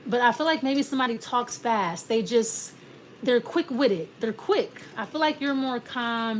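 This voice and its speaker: Slightly high-voiced and a little slow, a tarot reader rambles casually through a reading over slight background noise. She frequently restarts sentences and plays out imagined back-and-forth conversations.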